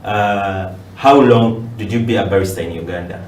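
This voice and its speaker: A man's voice: fairly low pitch, moderate pace, darkish tone, far from the mic, a little hiss or hum. A man hosting a casual interview, who encourages his guest and prompts him with short questions. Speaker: interviewer host. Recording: roomy, off-mic sound.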